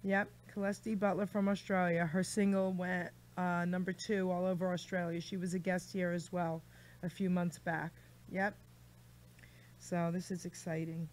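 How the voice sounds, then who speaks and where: A woman's voice: fairly low pitch, level tone, normal speed, darkish tone. A woman hosting a radio show, chatty and gushing with her guest, reading out a rhyming poem. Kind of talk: casual radio chat.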